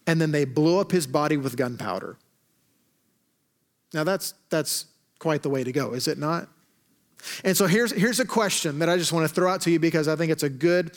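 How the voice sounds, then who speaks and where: Male pastor, slightly high voice, chatty preaching with wry humor. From Arkansas. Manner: conversational, joking preacher with lively asides. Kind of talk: sermon.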